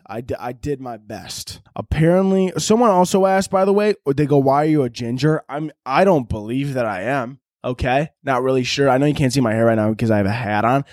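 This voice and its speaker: A man's voice: medium pitch, no room sound, studio quality. A young man hosting a solo podcast, rambling and joking crudely in casual chat. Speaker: podcast host.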